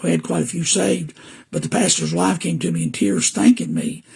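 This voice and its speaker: An older man with a Southern US accent talks like a preacher on a casual podcast, rambling earnestly and stopping to greet listeners by name. His voice is weak and damaged, heavily gravelly and raspy. It sits fairly high for a man. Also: moderate pace, darkish tone. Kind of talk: casual podcast talk to live viewers.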